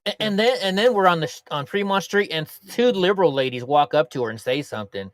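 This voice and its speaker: A man's voice: on the high side, animated, quick pace, no room sound. A man co-hosting a casual livestream chat, telling rambling, profane stories. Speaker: livestream co-host. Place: lives in California.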